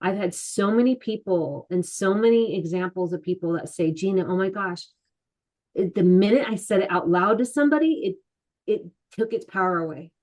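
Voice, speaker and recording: A middle-aged woman, a guest author, telling her personal story candidly in an interview, soft-spoken and halting, often acting out what others said. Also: mid-range voice. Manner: soft-spoken, halting, many restarts and quoted asides. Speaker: guest, author and mental health advocate.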